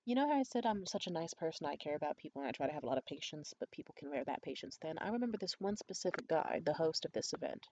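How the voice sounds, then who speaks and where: A woman's voice: lively intonation, quick pace, hardly any pauses, a little hiss or hum. A young adult woman vlogger telling a candid, profane story in a conspiratorial way. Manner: acts out quoted voices high and loud. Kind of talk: storytime vlog.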